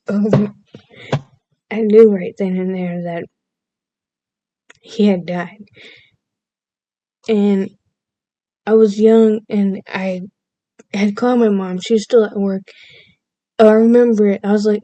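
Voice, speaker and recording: A woman's voice: mid-range voice, steady tone, measured pace, long pauses, dark tone, dry recording. A woman vlogger casually telling a personal story, chatty and playfully overdramatic, laughing at herself now and then.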